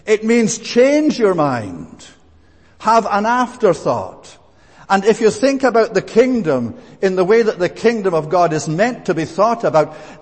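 A man's voice: sits high, a little mellow, slightly rough. A man preaching a sermon, earnest and emphatic, with frequent "eh" fillers and restarts. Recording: long hall reverb.

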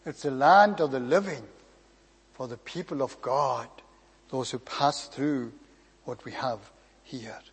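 Guy preaching a sermon, slow emphatic phrasing, endings trail off soft, long echo from the hall. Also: medium pitch, slightly rough.

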